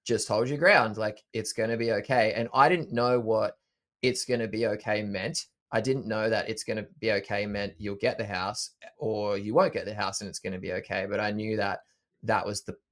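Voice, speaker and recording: Low-voiced man, thoughtful podcast host. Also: normal speed. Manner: thoughtful, self-correcting, calm. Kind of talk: reflective conversational chat.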